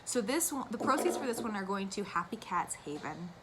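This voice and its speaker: A woman's voice: medium pitch, very animated, brisk, heavy background noise. A young woman chatting casually to camera about her cross-stitch, gushing and wandering into asides. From United States.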